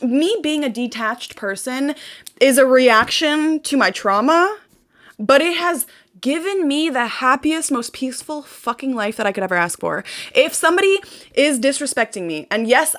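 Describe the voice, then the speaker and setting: A woman's voice: high-pitched, a bit bright. A young woman hosting her own channel, ranting bluntly and emotionally, swearing often and repeating phrases for emphasis. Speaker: channel host. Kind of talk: emotional personal rant.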